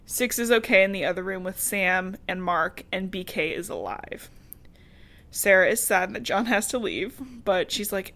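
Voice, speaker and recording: A woman's voice: medium pitch, lively intonation, moderate pace, fairly bright tone. Woman co-host, casual rambling recap, sarcastic asides. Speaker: podcast co-host recapping a book. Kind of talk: casual chat.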